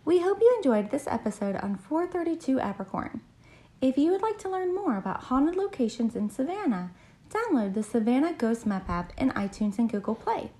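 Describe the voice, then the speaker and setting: A woman co-hosting a podcast, reading the outro and telling a story in a brisk, teasing manner. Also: high voice, big pitch swings, mellow. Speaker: podcast co-host.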